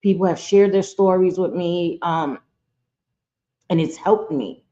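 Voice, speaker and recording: A woman's voice: on the low side, unhurried, dark tone. A woman on a live stream talking bluntly and heatedly to her chat, often swearing as she comments. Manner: talks straight to viewers and chat. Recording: dull lo-fi stream audio.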